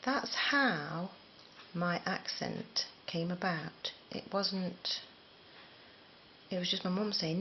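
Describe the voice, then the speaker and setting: Chatty woman, low gravelly voice. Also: takes it slowly, a little hiss or hum. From England. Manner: chatty, rambling, self-deprecating. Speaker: crochet teacher. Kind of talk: casual spoken tutorial. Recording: slightly dull lo-fi recording.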